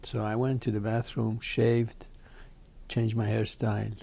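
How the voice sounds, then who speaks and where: An older man from Iran, telling his own story in an interview in animated, emphatic, slightly broken English. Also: lowish voice, a little slow, vocal fry. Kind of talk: personal storytelling.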